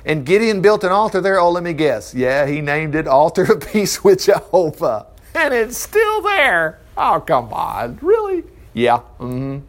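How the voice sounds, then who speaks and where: A middle-aged man preaching, reading a Bible story aloud and breaking off with chuckling, animated commentary. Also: sits high, unhurried. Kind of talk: Bible reading with lively asides.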